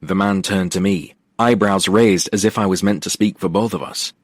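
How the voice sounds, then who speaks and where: A man with a very low voice reads a first-person romance novel with wry, expressive timing. The recording is dry and close, with no room sound. His storytelling stays lively across voices. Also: normal speed, no echo. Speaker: audiobook narrator. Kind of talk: first-person scripted narration.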